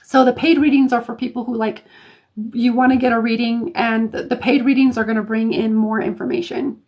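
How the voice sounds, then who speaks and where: A woman's voice: a little high, fairly even intonation, a little fast, darkish tone. A woman hosting a live stream of intuitive readings, talking casually to viewers, chatty with many fillers and restarts.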